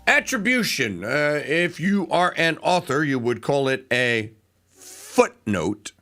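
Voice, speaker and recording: Gravelly bright talk radio host. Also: male voice, fairly high pitch, takes it slowly, soft background music. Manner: animated, mocking, breaks into voices. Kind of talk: opinionated talk radio monologue.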